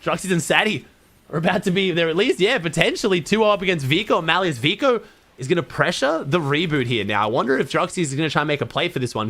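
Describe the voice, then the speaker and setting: An Australian man casting esports and chatting casually, quick and animated, swearing freely. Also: sits high. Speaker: esports caster, host.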